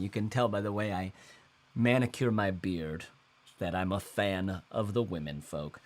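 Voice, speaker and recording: A man's voice: mid-range voice, fairly bright tone. A man in his thirties hosting a casual livestream, talking in a loose, rambling way with lots of fillers and slang. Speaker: host.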